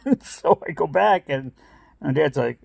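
A man's voice: on the high side, lively intonation, a little slow, creaky, darkish tone, breathy edge, dry recording. A middle-aged man from the Midwest telling stories in a casual vlog, laughing often and acting out what people said in a raised voice. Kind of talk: casual storytelling.

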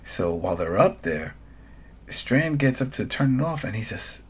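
A man co-hosting a podcast in casual review chat, retelling scenes in an animated way. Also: fairly high pitch, unhurried, creaky. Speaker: podcast co-host.

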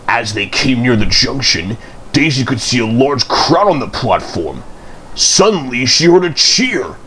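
Slow, expressive male storyteller. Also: mid-range voice, slight background noise. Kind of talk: children's storybook reading.

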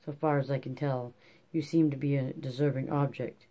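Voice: mid-range voice, fairly even intonation, normal speed, dark tone, natural voice. Mr. Dombey, a reader voicing a cold proud businessman. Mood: stern. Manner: cold, formal and commanding. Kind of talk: audiobook character reading.

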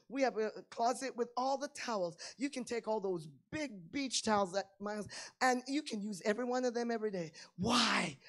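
A woman preaching a sermon, swinging between hushed lines and loud emphatic ones, acting out little everyday dialogues. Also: a little high. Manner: acts out little dialogues in plain voices.

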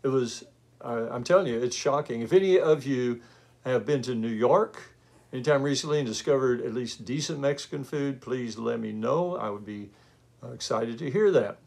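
A man's voice: medium pitch, moderate pace, vocal fry, darkish tone. A man in his fifties with a West Texas drawl, lecturing as an art instructor in a chatty, folksy way full of ums and uhs. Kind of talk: recorded online lecture.

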